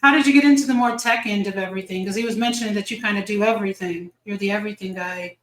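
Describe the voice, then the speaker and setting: A woman's voice: mid-range voice, racing, a bit bright, roomy sound, poor audio. A middle-aged woman hosting a podcast interview, chatty and playful, laughing often. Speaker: podcast host. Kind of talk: casual interview chat.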